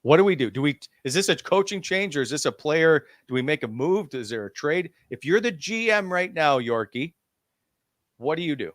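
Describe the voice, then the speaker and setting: A man's voice: on the high side, expressive, moderate pace, fairly bright tone, no room sound, clean studio sound. A man hosting a hockey talk show, leading the discussion and putting questions to the other panelists. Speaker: sports talk show host.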